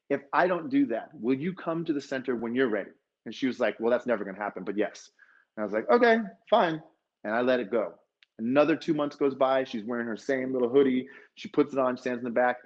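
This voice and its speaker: A man's voice: medium pitch, a little mellow, lo-fi sound. A man, a fitness dance instructor, telling an emotional story at a conference and acting out the dialogue.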